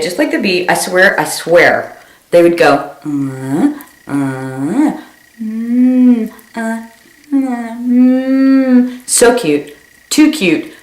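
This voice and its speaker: A woman comedian tells a story on stage with a very lively voice that leaps up and down in pitch. She jumps into high squeals whenever she quotes someone. The sound is roomy and echoey, picked up from some distance. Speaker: stand-up comedian. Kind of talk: comic storytelling.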